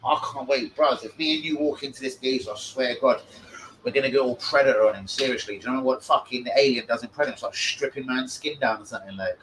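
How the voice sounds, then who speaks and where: A man's voice: mid-range voice, quick pace, a bit bright, rough recording. A man hosting a live stream, trash-talking in a brash, profane way. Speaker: host of a fan channel. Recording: faint background noise.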